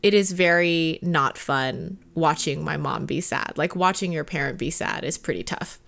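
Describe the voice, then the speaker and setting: A woman in her thirties talks casually, rambling through her thoughts with plenty of fillers and quick laughs. Her voice sits a little on the low side. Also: vocal fry, a bit bright. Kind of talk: casual chat.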